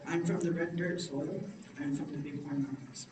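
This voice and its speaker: A man from Montana and Oklahoma reading his own poem aloud at a conference, slow and measured, a little nervous. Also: fairly high pitch, fairly even intonation. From Montana and Oklahoma, United States. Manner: slow, measured, repeated phrasing. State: nervous, voice slightly shaky. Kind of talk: spoken-word poetry recital. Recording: echoey hall from far off with background noise.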